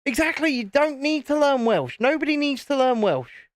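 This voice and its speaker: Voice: high voice, animated, normal speed, no echo, studio quality. A British host chatting wryly with a live chat while building a model, teasing and joking. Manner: wry, teasing banter with the chat.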